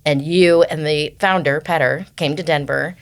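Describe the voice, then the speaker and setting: A woman hosts an interview. Her voice is deep and low for a woman. She talks in an earnest, reflective way. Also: steady tone, moderate pace. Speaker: podcast host. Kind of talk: interview conversation.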